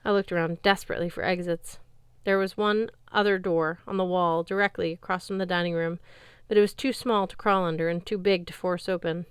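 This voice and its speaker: A woman reading a fantasy novel aloud as an audiobook narrator, in a lively storytelling way. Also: on the low side, clear, resonant tone, no room sound. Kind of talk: scripted narration.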